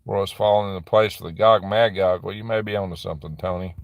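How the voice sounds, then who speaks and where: A deep voice with vocal fry and fairly even intonation comes from a middle-aged man hosting a casual stream in a dim room on his property. He rambles and chats while reading viewer comments, answering with quick laughs. The sound is clean studio quality with no echo.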